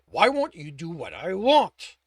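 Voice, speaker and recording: A man's voice: a little high, very animated, moderate pace, a bit bright, no room sound, studio quality. A man voicing a furious stubborn young mage. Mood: angry. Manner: snapping through clenched teeth.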